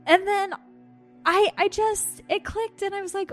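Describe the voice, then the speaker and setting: A woman on a podcast, casually telling a personal story with animated asides and acted-out quotes. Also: extremely high pitch, measured pace, soft background music. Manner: animated storytelling, acts out her own quotes with laughs. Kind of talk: casual chat.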